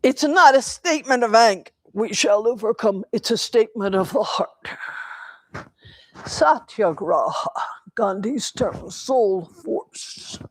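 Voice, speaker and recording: Older woman, dharma talk, unhurried reflective storytelling, dry close sound. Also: a little high, lively intonation, no echo. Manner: slow, reflective storytelling with pauses. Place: temple hall.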